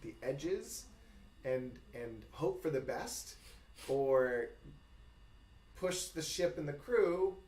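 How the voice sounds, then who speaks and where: A man's voice: on the high side, animated, takes it slowly, long pauses, a little mellow. Male game master, loose and rambling, set back from the mic in a roomy space. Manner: rambling, many fillers, laughs often. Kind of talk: narrating a tabletop game. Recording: echoey room, mic far off, faint noise.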